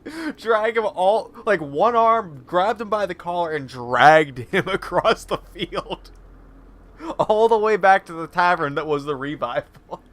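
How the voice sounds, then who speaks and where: Man, slightly high voice, rambling amused storyteller, laughs through his words, casual gaming chat. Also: lively intonation, a little slow, fairly bright tone. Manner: rambling, amused, often laughs mid-sentence. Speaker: co-host playing a video game.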